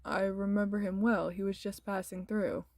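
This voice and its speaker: A woman voicing a friendly middle-aged male Greek restaurant owner with a Greek accent, speaking softly and easily in a game. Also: medium pitch, flat delivery, moderate pace, no room sound, natural voice.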